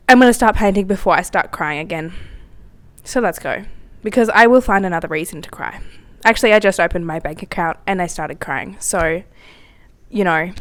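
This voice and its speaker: A woman's voice: mid-range voice, a bit bright, clear, resonant tone. A woman artist chatting casually to camera in her art studio, emotional and self-mocking, often drawing out her words. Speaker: artist and vlogger. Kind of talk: casual vlog chat to camera.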